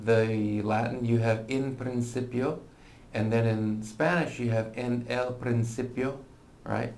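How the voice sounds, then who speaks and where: A man's voice: on the low side, darkish tone, slight background noise. A middle-aged man teaching an informal lesson, talking in a conversational way that thinks aloud with fillers and restarts. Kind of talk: informal lecture.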